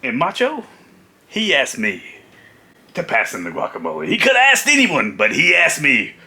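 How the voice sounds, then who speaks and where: A man, a motorcycle vlogger and former pro wrestler, telling a story casually, animated and laughing often. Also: fairly high pitch, moderate pace.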